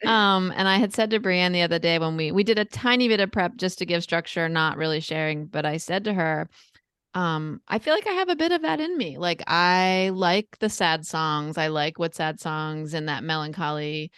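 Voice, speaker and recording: A woman hosting a podcast speaks in a low, smooth voice. She is heard close and dry, with no room sound. She sounds thoughtful and earnest as she reflects on a book. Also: fairly even intonation, normal speed, fairly bright tone, dry recording. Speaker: podcast co-host. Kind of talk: casual book discussion.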